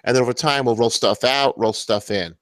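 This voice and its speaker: A man co-hosts a casual round-table podcast, offering short agreeing replies and dry quips. His mid-range voice is a little fast and fairly bright, captured on a dry recording.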